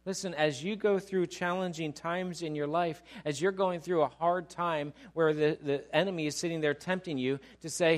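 A man's voice: on the high side, moderate pace, few pauses. A man preaching a sermon, acting out quoted voices and leading the congregation in call-and-response. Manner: animated preacher who acts out quoted voices and asks the congregation to repeat lines. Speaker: pastor.

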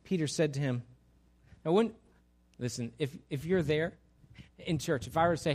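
Animated man preaching a sermon. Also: a little high, moderate pace, long pauses. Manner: animated, asks the congregation rhetorical questions. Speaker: pastor.

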